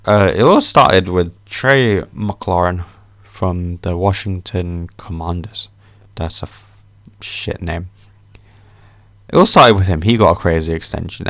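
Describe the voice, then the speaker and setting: A young man hosting a podcast, ranting about sports in a casual, animated way, swearing often. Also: low-pitched, dry recording, studio quality. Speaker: podcast host.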